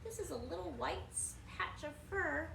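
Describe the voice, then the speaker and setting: A woman's voice: very high voice, expressive, normal speed, vocal fry, background noise. A woman preschool teacher giving patient, encouraging craft instructions to young children. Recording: roomy echo from a distant mic.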